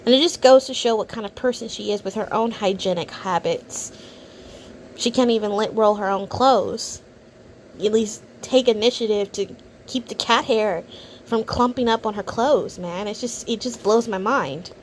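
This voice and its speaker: A woman's voice: mid-range voice, normal speed, slight background noise. A woman hosting a reaction video, commenting in a sneering, contemptuous way.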